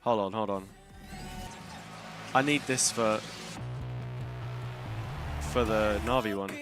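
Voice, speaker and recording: A man hosting a watch-party stream, muttering slow, offhand asides. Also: on the low side, steady tone. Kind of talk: casual watch-party chat. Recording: broadcast music faint behind.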